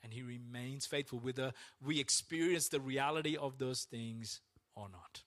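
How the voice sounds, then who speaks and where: A man preaching a sermon as pastor, acting out complaints to God in a raised, strained voice. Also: moderate pace. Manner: animated, acts out complaints to God in a high strained voice.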